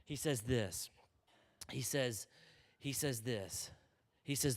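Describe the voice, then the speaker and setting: Speaking slowly and pausing often, this man has a medium-pitched voice. He's a conference speaker giving a sermon to students, energetically telling a story and checking in with "okay?", while the large hall leaves a long reverb.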